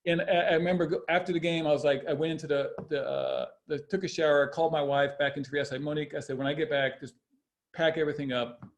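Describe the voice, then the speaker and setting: This fairly high-pitched, steady-toned man speaks at a quick pace. He's a former basketball player in his fifties, spinning rambling stories on a podcast full of restarts and laughter, in the style of a relaxed storytelling interview.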